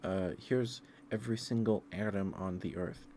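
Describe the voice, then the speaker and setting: A man voicing a breezy, offhand God who talks down to the listener a little, raised above his own low voice. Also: fairly even intonation, normal speed, mellow, slight background noise, lightly acted. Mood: casual, offhand. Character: breezy, casual God speaking to Moses.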